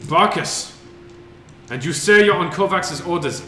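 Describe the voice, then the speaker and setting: A man voicing a burly, gruff male city gate guard, commanding and barking orders. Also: high-pitched, lively intonation, a little slow, sharp tone, a little hiss or hum, pitched above the performer's own voice, full character voice. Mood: stern. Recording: roomy echo with music behind.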